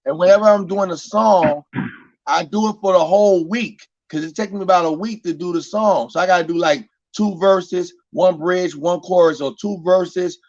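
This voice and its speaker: A man's voice: sits high, moderate pace, darkish tone, dull audio. A man co-hosting a podcast, chatting loosely and emphatically, looping back over his own words. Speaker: podcast co-host. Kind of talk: casual chat.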